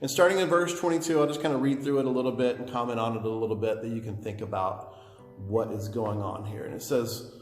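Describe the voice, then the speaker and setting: A man's voice: mid-range voice, steady tone, quick pace, echoey room, in a large hall, faint music behind. A man giving a short devotional as a pastor, reading scripture aloud and commenting on it in an earnest, reflective way.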